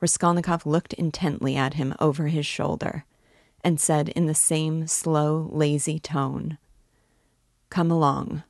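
A woman reading a classic novel aloud in measured, deliberate narration. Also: low-pitched, level tone, darkish tone, no echo, clean studio sound. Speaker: book reading guide. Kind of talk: audiobook-style literary reading.

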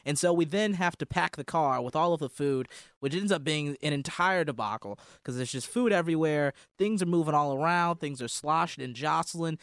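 Slightly high-voiced guy cohosting, chatty and easygoing, dry mic. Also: fairly quick, fairly bright tone, dry recording. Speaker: podcast co-host. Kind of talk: casual chat.

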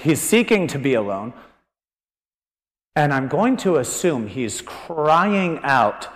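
A man delivers a conversational sermon as a pastor, animated and quick to joke as he reasons aloud. His voice sits a bit high and swings widely in pitch. The sound carries the long echo of a large hall. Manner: animated, joking, thinking aloud.

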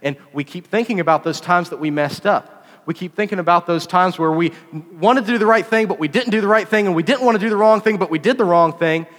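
A fairly high-voiced man preaches in a lively, chatty way and drives his points home by repeating phrases. His voice rings out through a hall with a long echo. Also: fast talker. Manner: animated, conversational preaching with repetitions. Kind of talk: sermon.

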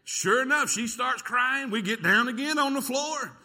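A pastor preaching a sermon, telling a story with lively energy and quick repeated words. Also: male voice, very high-pitched. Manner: storytelling, animated, repeats words when excited.

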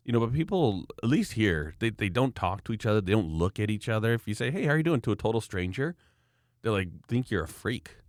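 A man's voice: on the low side, brisk, no echo, studio quality. A man talking in a casual, opinionated, rambling way, acting out the people he quotes. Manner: opinionated, rambling, animated quoting. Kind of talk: casual political chat.

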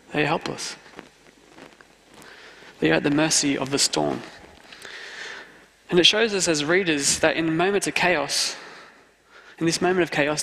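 A man preaching an earnest sermon, driving his points home by saying them twice. His voice sits a bit high and carries a gravelly fry at the bottom of his phrases. A long hall reverb trails after each line. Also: bright, forceful tone. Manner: earnest, repeats key phrases for emphasis. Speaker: student pastor.

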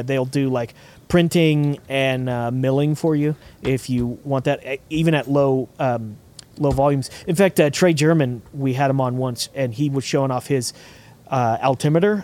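In a casual technical chat on his podcast, a male host thinks aloud about a project he's designing, with frequent restarts. His voice has a medium pitch and a darkish tone.

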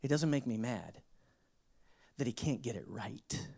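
A man preaching a sermon in a conversational way, full of rhetorical questions, with emphatic bursts that drop into hushed low asides. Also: lively intonation, measured pace, vocal fry. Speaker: pastor.

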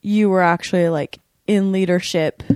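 A woman co-hosting a casual podcast, making dry deadpan jokes and steering the talk. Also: lowish voice, normal speed, clear, resonant tone, no room sound. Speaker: podcast co-host.

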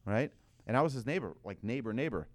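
A man giving an animated religious lesson to a group, asking rhetorical questions and telling anecdotes. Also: mid-range voice, quick pace, no echo.

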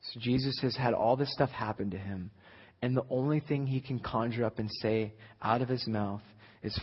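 A young man preaching a sermon, emphatic, building to near-shouts at the high points. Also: fairly even intonation, normal speed, breathy edge. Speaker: pastor. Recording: dull lo-fi recording in a reverberant hall.

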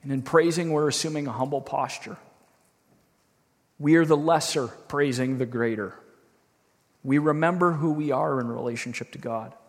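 A man preaching a sermon as a pastor, earnest and reflective, slowing down to read scripture aloud. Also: fairly high pitch, long reverb tail. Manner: earnest, reflective, slows down when reading scripture.

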